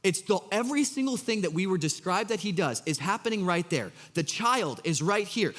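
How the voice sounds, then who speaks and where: Man, pastor, casual joking sermon, high voice, swooping delivery. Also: a little fast, long reverb tail. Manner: animated, acts out Jesus's lines in an exasperated voice; casual and joking, full of fillers. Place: church hall.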